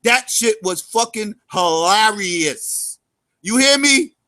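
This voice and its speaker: Male vlog commentator with a strikingly high voice, cursing constantly and talking straight to his viewers as family. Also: animated, slow. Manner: swings between loud outbursts and low mutters. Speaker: YouTube commentator. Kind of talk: profane storytelling commentary.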